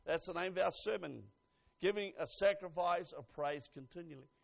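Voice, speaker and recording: A high, creaky-voiced man preaches, one moment murmuring an aside and the next exclaiming loudly. He reads scripture deliberately and with weight.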